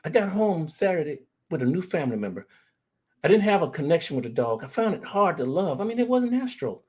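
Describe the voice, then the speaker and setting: A man's voice: fairly high pitch, big pitch swings, quick pace, a little mellow, breathy edge. A man giving an earnest presentation on grief, telling personal stories and speaking to the audience as family. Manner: earnest, addresses the audience as "fam".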